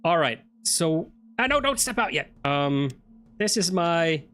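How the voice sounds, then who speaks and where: Lively man thinking aloud over gameplay. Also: on the high side, a little slow. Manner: chatty, thinks aloud, self-questioning. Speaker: gameplay streamer. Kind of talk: let's play commentary.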